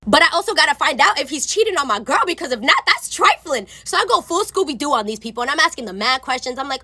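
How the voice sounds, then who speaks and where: Sassy, fast-talking young woman. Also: high-pitched, lively intonation, pushed and bright, no room sound. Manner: brash, sassy, swears often, acts out both sides of the story. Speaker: TikTok storyteller. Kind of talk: casual storytime monologue.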